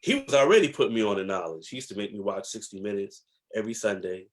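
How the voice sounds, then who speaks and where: Low-voiced man telling stories slowly. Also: expressive. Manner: reflective, slow, emphatic storytelling with many fillers. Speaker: guest, historian. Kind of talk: casual interview storytelling.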